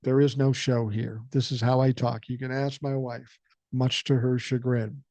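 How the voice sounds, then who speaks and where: Blunt boomer man reading emails. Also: level tone, moderate pace, warm tone, no room sound. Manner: casual, blunt and joking, profane asides. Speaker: podcast host. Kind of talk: reading listener emails aloud with commentary.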